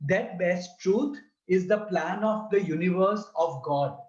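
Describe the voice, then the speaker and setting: High-pitched guy teaching slow, spells out words carefully, roomy dull-sounding recording. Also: darkish tone. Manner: deliberate, repeats and spells out syllables. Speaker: religious teacher. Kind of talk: slow explanatory lesson.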